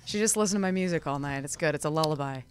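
A woman's voice: deep voice, very fast. A woman in her twenties, a singer guest on a talk show, chatting in a bubbly, self-deprecating way. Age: 20s. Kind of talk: casual chat.

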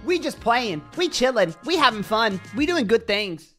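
A man's voice: extremely high pitch, sing-song, normal speed, bright, forceful tone, faint music behind. A man livestreaming a game in casual, upbeat chat, reading out viewer names and thanking donors.

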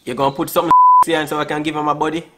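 Over heavy background noise, a Jamaican YouTuber talks very fast in a fairly high voice with little pitch movement. He playfully teases and flirts with strangers on a video chat app, mixing in patois and saying "bro" a lot.

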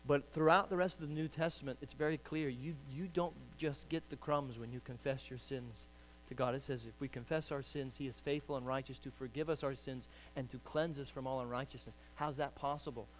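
A man preaching a sermon as pastor, urging loudly and then dropping to quiet pleading. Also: medium pitch, fairly even intonation, fairly quick, few pauses, slight background noise. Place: church sanctuary.

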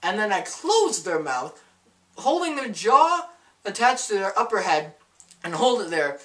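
A man quoting his aunt as she calmly explains how she gives her dogs pills. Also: high-pitched, unhurried, far from the mic, voice pushed up, heavily acted. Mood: explaining.

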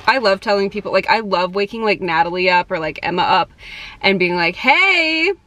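A vlogger in her twenties chats casually on her phone at home, in her car and in shops, bubbly and gushing with plenty of "like" fillers. Her voice is fairly low, slightly bright and quite flat in pitch, and she talks briskly.

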